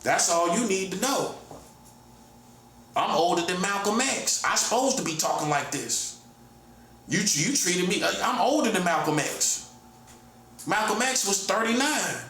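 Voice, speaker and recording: There's a faint hiss or hum as this man in his forties, a self-proclaimed prophet, speaks slowly in a high, bright voice with lively intonation and frequent pauses. His monologue is repetitive and confrontational, and he calls the listener "buddy" over and over. The recording has a roomy echo and faint ambience.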